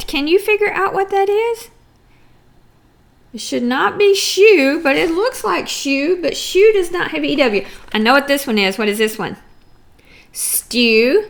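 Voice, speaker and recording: Slow, patient woman teaching phonics. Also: high-pitched, a bit bright. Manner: slow, patient, sounding out words. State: clearing her throat often. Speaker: first grade teacher. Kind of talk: recorded phonics lesson for young children.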